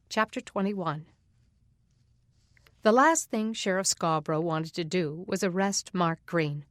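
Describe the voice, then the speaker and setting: A woman reading a suspense audiobook in a steady, even narration. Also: lowish voice, a little slow, pauses often, no echo, clean studio sound.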